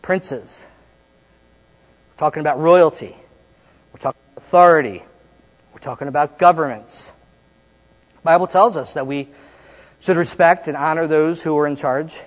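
Male pastor, high voice, call-and-response sermon with casual humor; long hall reverb, muffled lo-fi sound. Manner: conversational and joking, with dramatic pauses. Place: church sanctuary. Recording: dull lo-fi recording with long hall reverb and mains hum.

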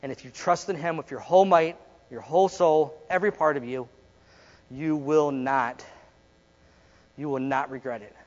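A male pastor preaching a sermon in a church, swinging from loud emphasis to hushed, quiet lines. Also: on the high side, moderate pace, long pauses, long reverb tail, lo-fi sound. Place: church sanctuary.

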